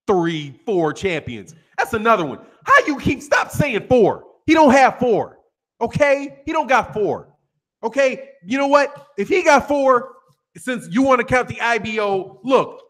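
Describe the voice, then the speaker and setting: A man's voice: very high-pitched, very animated, a little slow, fairly bright tone. A man hosting a boxing channel, ranting in a brash, profane, trash-talking monologue.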